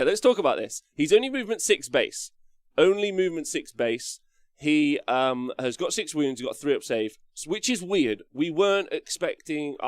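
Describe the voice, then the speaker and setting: A man's voice: high voice, no room sound, studio quality. A man hosting a live stream, chatting upbeat and thanking viewers by name. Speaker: wargaming stream host.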